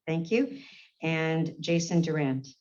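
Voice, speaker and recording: A woman serving as warden, chairing a formal council meeting in a brisk, procedural way and calling the roll. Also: low voice, a little mellow. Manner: brisk, procedural, reads names in a roll call. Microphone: meeting-room microphone on a livestream. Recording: dull lo-fi livestream audio.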